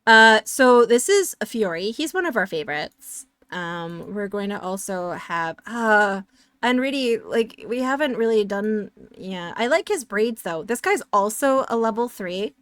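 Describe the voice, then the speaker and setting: A woman's voice: mid-range voice, animated, unhurried, a bit bright, clear, resonant tone, no echo. A woman streamer chatting casually while playing a game, rambling and sarcastic as she answers chat.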